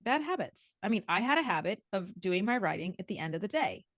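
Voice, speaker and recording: A woman coach talks as a podcast guest, a lively storyteller who acts out her own past self-talk. Her voice sits at a middle pitch. The sound is dry and close, with no room around it. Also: quick pace, no echo. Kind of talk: podcast interview.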